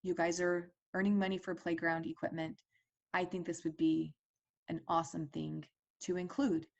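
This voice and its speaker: A woman's voice: fairly low pitch, flat delivery, moderate pace, vocal fry, darkish tone, dull audio. A woman in her forties telling a personal story as a parent advocate, earnest and conversational with fillers and restarts.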